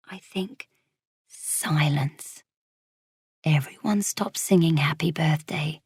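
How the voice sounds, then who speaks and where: A woman reading a children's storybook aloud, gently and expressively in a child's voice of narration. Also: on the low side, no echo, clean studio sound.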